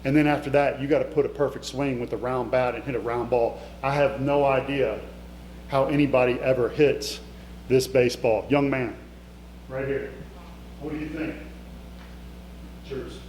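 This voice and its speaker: A man's voice: mid-range voice, steady tone, moderate pace, pauses often, darkish tone. A middle-aged man giving an emotional, conversational motivational talk in an event hall, speaking straight to his audience. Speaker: keynote speaker. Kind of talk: motivational storytelling speech. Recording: echoey hall with faint hum.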